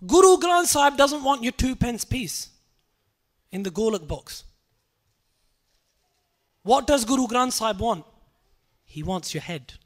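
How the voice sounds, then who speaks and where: A man giving an animated storytelling sermon, repeating phrases and acting out voices. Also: extremely high pitch, unhurried, long pauses. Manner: animated, repetitive, acts out voices. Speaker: Sikh preacher.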